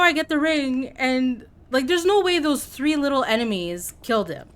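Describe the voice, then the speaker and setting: A woman streaming a game live, chatting excitably with her viewers as she plays. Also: high-pitched, moderate pace, hardly any pauses. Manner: excitable, chatty, talks to chat. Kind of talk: live gameplay commentary.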